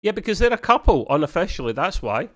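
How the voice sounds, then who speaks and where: A man co-hosting a casual review podcast, rambling with many ums and acting out quotes in high voices. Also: very animated, quick pace, a bit bright. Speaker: podcast co-host.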